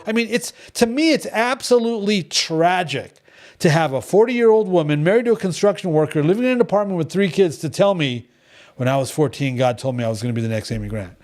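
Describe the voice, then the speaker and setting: A middle-aged man leads a devotional gathering, speaking casually in a high, darkish voice. He tells his stories bluntly and restarts often.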